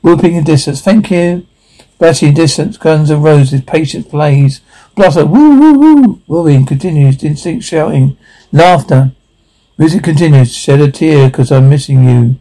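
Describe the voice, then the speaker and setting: A man reads out a film's lines and sound captions, doing every character in one unchanging voice. His tone is dark and mellow with a rough, gravelly edge. He sits slightly higher in pitch than most men. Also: steady tone, normal speed, poor audio. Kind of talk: flat reading of film dialogue and sound captions.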